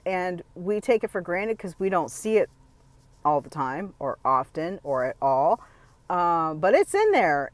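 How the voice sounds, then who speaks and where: A woman's voice: medium pitch, dry recording. A woman talking to camera in a casual, opinionated monologue, blunt and emphatic, often restarting her sentences. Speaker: vlogger.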